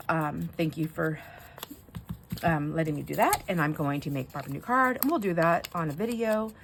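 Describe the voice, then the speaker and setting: An older woman with a fairly low voice talks casually to her viewers while she crafts. She rambles and gets sidetracked, emotional at heart. A light background hiss sits under her voice. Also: moderate pace, vocal fry, pauses often. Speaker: crafting vlogger.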